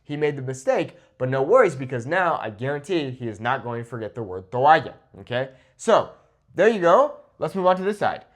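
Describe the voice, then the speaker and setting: A man who teaches Spanish, talking to camera in a lively, informal way, often checking in with "okay?" and "right?". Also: mid-range voice, a little fast.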